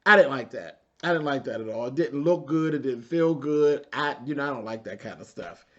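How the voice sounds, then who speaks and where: A sassy man, recapping reality TV and talking straight to his viewers. His voice sits at a middle pitch, and the recording sounds slightly dull and lo-fi. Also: lively intonation, brisk, a bit bright. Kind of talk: casual TV recap commentary.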